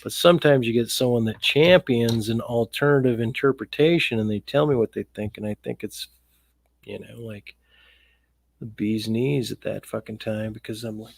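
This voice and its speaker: A man's voice: mid-range voice, measured pace, creaky, darkish tone, no room sound. A man telling personal stories in a casual, rambling monologue, swearing freely and often breaking off mid-sentence. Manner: profane, rambling, self-interrupting storyteller.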